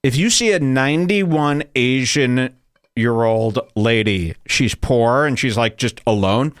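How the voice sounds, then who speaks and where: A man's voice: mid-range voice, slow pace, dry recording, studio quality. A man hosting a comedy podcast, ranting in a crude, emphatic way. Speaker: podcast host. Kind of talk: comedic rant.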